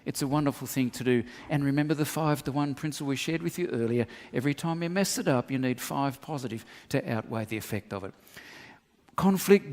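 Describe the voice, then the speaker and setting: A man preaches a sermon in a fairly high voice, joking with his congregation and acting out snatches of everyday conversation. His words carry a long reverb from the hall around him. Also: darkish tone. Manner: humorous, acts out dialogue, laughs often. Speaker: pastor.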